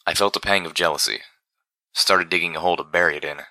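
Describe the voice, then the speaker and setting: A man narrating first-person fiction in a measured, dramatic storytelling manner. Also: deep voice, fairly even intonation, bright, forceful tone, dry recording. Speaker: audiobook narrator.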